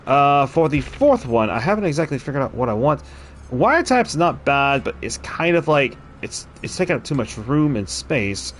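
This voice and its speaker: A man's voice: mid-range voice, sing-song, normal speed, slight background noise. A man streaming a game, chatting casually and thinking aloud about his choices between frequent laughs. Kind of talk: casual gameplay commentary.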